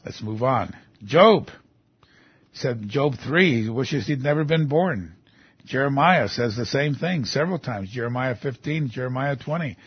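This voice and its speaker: Husky preacher man reading scripture. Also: mid-range voice, animated, a little slow, no echo, lo-fi sound. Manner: reads scripture aloud with rising emphatic outbursts. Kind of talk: sermon.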